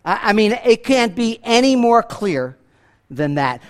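A male pastor preaching a sermon to a church congregation, emphatic, swinging between loud declarations and hushed lines, asking rhetorical questions. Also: very animated, a little slow. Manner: emphatic preaching with big swings in pitch and loudness.

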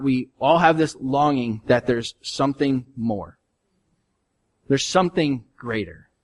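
A male pastor preaching a sermon in an earnest, conversational way, his voice swinging from soft to loud. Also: medium pitch.

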